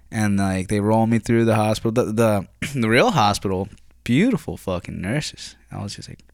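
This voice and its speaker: A man's voice: on the low side, moderate pace, creaky, dry recording, clean studio sound. A young man casually telling a rambling, profane story, swearing constantly while recovering from surgery.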